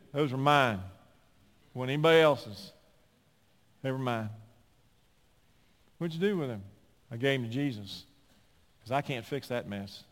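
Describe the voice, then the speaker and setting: A man preaching a sermon as a pastor, animated and climbing at times to near-shouting. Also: medium pitch. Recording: long hall reverb.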